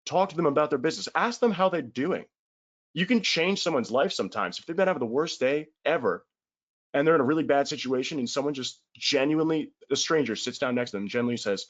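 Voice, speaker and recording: A man's voice: medium pitch, expressive, a little fast, dull audio. A man giving a casual webinar sales talk, blunt and emphatic, in colloquial words with the odd swear.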